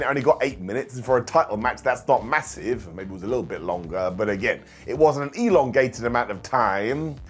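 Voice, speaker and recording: A young man reviewing a wrestling show on his own, joking and animated. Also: mid-range voice, slightly rough. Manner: animated, jokey, puts on silly voices for quotes. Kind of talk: solo review monologue.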